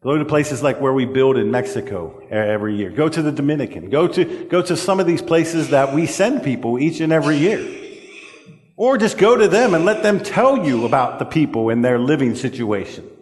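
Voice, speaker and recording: A man preaching a sermon in a church. He talks earnestly and haltingly, with frequent fillers, and slows down to stress key words. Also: on the high side, expressive, a little mellow. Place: church sanctuary. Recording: echoey church hall.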